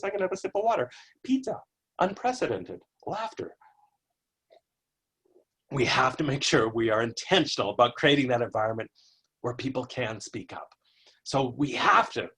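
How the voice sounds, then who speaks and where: An energetic man delivering a motivational keynote by webcast, telling stories and tossing in playful asides. His pitch rises and falls in wide, lively swings. The voice has a light husky roughness. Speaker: keynote speaker.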